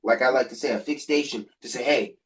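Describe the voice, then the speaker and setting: A man's voice: medium pitch, quick pace, slightly rough, distant mic. A man hosting a podcast, giving rambling, motivational sports commentary with lots of repetition and fillers. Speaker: podcast host.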